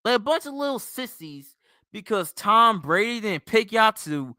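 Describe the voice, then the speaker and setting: A man with a high, sharp voice tears into his target in a heated, profane comedic rant. He circles back to the same jabs again and again in a mocking tone. The sound is close and dry, with no room around it. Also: very animated, moderate pace, dry recording. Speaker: comedic ranter.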